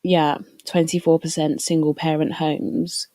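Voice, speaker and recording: A woman guest on a livestream talk show, arguing her points in a firm, measured way. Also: sits low, little pitch movement, warm tone, no room sound. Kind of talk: casual debate on a livestream.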